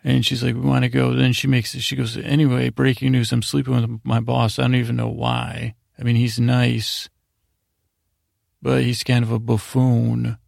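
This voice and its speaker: A man hosting a bedtime podcast, rambling through a TV episode recap in a low-key, filler-heavy way. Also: moderate pace, vocal fry, no room sound, studio quality. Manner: rambling, monotone retelling with lots of fillers. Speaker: podcast host.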